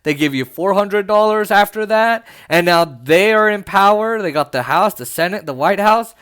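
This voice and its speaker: A man's voice: sits high, animated, moderate pace, fairly bright tone, smooth. A man from Las Vegas giving casual political commentary in a sarcastic, mocking way, often laughing. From Las Vegas, Nevada.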